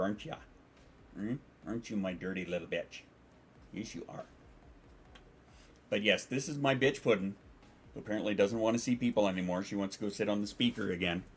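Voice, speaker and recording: A man talks loosely to his livestream chat in a lowish voice. He rambles, curses freely, and trips over his own sentences as he answers viewers. Casual stream talk. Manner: rambling and profane, with frequent restarts.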